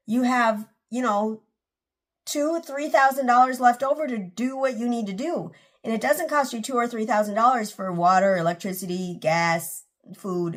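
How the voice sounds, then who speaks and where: A woman in her forties hosting a casual personal vlog, talking in a rambling, earnest way with many restarts, and emotional at times. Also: mid-range voice. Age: 40s. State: emotional, close to tears. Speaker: channel host.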